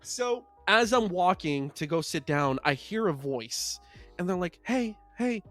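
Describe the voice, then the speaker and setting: Male podcast host, high voice, animated self-deprecating storyteller. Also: unhurried, soft background music. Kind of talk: casual storytelling chat.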